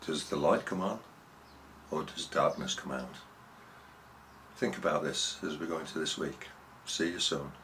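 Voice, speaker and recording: A man's voice: very deep voice, measured pace, long pauses, a bit bright, slight background noise, low-quality recording. A man preaching a sermon, telling a story and asking earnest rhetorical questions.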